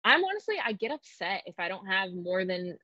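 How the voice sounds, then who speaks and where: A woman's voice: medium pitch, very animated, fairly quick, sharp tone, no echo, muffled recording. A nineteen-year-old woman from Arizona, a pro wrestler talking as an interview guest in a bubbly, rambling way full of "like". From Phoenix, Arizona, US. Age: young adult, 19. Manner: bubbly, rambling, heavy use of "like". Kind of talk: casual interview chat.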